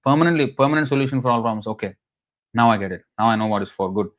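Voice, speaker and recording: A man at a mid pitch gives a relaxed, conversational scripture class. He tells anecdotes in a chatty, informal way, peppered with "you know"s. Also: racing.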